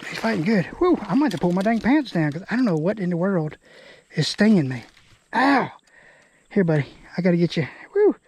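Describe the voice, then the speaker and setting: A man's voice: sits high, animated, quick pace, darkish tone, slight background noise. A man giving casual outdoor fishing commentary by a creek, folksy and talking to the fish. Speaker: fishing vlogger.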